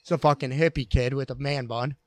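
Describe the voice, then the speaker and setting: A man's voice: mid-range voice, fairly even intonation, brisk, no room sound, clean studio sound. Laid-back, profane man telling a story. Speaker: contestant. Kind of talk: casual storytelling chat.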